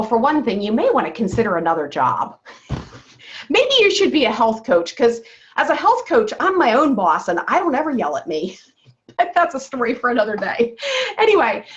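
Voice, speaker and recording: A woman health coach on a group call, encouraging and walking listeners through breathing steps, often checking in with "okay?". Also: on the high side. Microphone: call-in phone or computer mic. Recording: slightly dull, lo-fi call audio.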